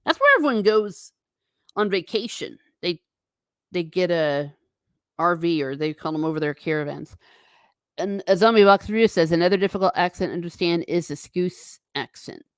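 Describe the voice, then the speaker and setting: A woman's voice: on the low side, lively intonation, normal speed, smooth, no echo, clean studio sound. An American woman hosting a casual livestream, chatting and reading viewer comments aloud with frequent laughs. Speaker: livestream host reading chat. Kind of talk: casual chat.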